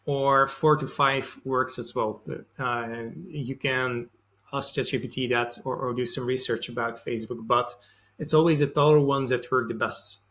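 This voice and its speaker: A man's voice: medium pitch, bright, forceful tone. Man giving casual marketing advice. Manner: loose and conversational, with fillers like "um" and "like". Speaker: sales and marketing channel host. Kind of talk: casual advice monologue to camera.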